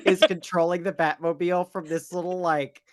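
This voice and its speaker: A woman's voice: fairly low pitch, a little fast, no echo, clean studio sound. Woman casually recapping a movie. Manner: relaxed storytelling with fillers and laughs. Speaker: podcast co-host. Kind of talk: casual chat recapping a film.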